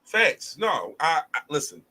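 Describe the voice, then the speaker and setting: A man with a Philadelphia accent hosting a casual podcast chat, animated and joking, cursing freely. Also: fairly high pitch, a little slow, low-quality recording. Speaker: podcast host.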